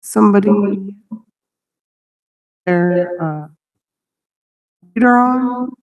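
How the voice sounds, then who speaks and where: A woman's voice: mid-range voice, a little mellow, poor audio. A woman at a public meeting, running microphone tests and checking that others can hear her. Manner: unhurried, runs mic tests.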